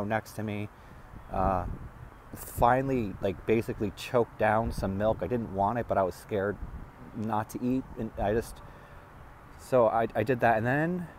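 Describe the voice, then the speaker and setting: A man telling a rambling personal story as a vlogger, halting and restarting as he talks. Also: medium pitch, slight background noise.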